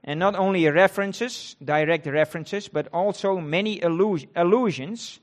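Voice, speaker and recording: A man's voice: sits high, moderate pace. A man preaching a sermon, repeating key words and reading scripture with rising emphasis.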